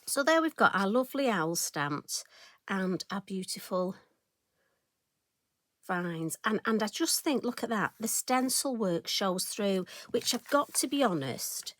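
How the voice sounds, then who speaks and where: A middle-aged woman hosts a craft tutorial, talking chattily to her viewers as she stamps a card. Her manner is friendly and self-deprecating, with a voice of ordinary pitch for a woman. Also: expressive, measured pace, a bit bright, no room sound.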